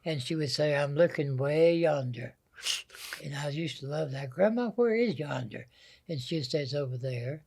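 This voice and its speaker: Older Southern storyteller, higher voice. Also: male voice, animated, moderate pace, gravelly, darkish tone, husky. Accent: Southern American. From American South. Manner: folksy, anecdotal storyteller. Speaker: guest. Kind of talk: storytelling interview.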